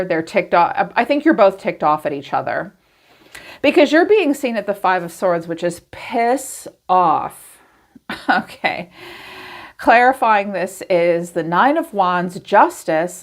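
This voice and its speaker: Woman tarot reader, chatty and expressive, slightly low voice for her sex. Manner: chatty, acts out quoted messages in a lively voice. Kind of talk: casual tarot reading.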